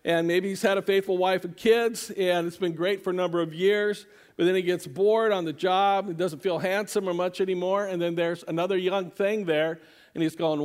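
A man's voice: high voice, steady tone, normal speed. A man preaching a sermon in a conversational way, often repeating words and restarting sentences. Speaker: pastor.

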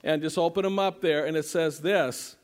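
A man's voice: on the high side, fairly even intonation, normal speed. A man preaching a sermon in a conversational way, often repeating words and restarting sentences. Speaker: pastor.

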